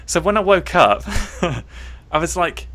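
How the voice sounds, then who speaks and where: A man co-hosting a live stream chat, telling stories in an animated way and laughing at himself. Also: high voice, slow. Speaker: co-host.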